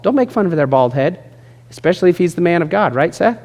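A male pastor preaching a sermon with lively, joking asides to people in the congregation. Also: a little high, fairly quick. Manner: lively, jokes with congregation members by name. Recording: long reverb in a large hall.

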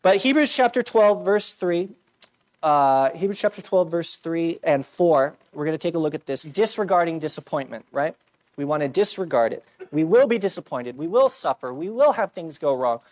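A man's voice: on the high side, expressive, moderate pace, a little mellow. A man preaches in a church, talking to his congregation as if chatting. He jokes at his own expense and keeps checking in with "right?" between his points. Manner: conversational preaching, self-deprecating humor, frequent "right?". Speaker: pastor. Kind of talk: sermon.

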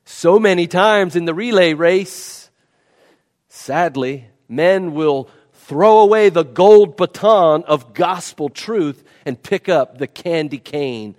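A man's voice: a little high, darkish tone. A man preaching a sermon, emphatic and repeating key words for stress. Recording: long reverb of a large hall.

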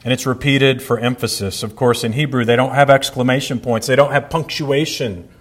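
A man preaching a sermon in a middle-pitched voice. He reads scripture at a steady pace, then explains the text verse by verse and presses his points with emphasis. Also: a little fast. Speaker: pastor.

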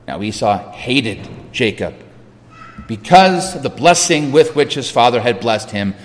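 A man reading scripture aloud in a measured way, with small restarts, heard with a long hall reverb. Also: medium pitch, sing-song. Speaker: scripture reader.

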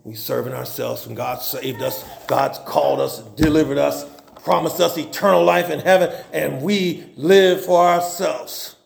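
A man preaching a sermon, telling Bible stories in a lively, folksy and humorous way. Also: a little high, a little slow, creaky. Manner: animated, folksy storytelling with humor. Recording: roomy echo.

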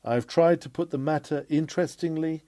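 A man preaching a fervent sermon, rising to loud cries and dropping to quiet asides. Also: a little high, a little fast, no room sound.

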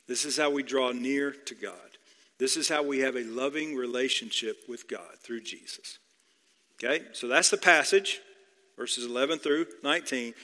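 A man's voice: fairly high pitch, sharp tone. Preaching man in a reverberant hall. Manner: emphatic, repeats key phrases, asks the congregation questions. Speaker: pastor. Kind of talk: expository sermon.

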